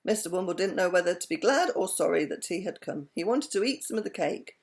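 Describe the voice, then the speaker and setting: A woman reading a children's story aloud in an expressive, animated way. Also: lowish voice, quick pace.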